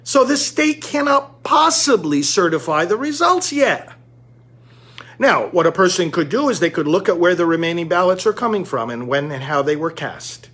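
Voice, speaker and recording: Emphatic high-voiced man lecturing viewers. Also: very animated, moderate pace, fairly bright tone, slightly rough. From United States. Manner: emphatic, lecturing, repeats key words. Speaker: commentator. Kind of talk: explanatory monologue to viewers.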